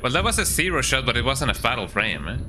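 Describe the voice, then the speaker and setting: A man's voice: medium pitch, sing-song, quick pace, over music. A young man streaming a horror game, joking around in casual commentary and tagging his lines with "eh?". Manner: playful, jokey, keeps tagging lines with "eh?".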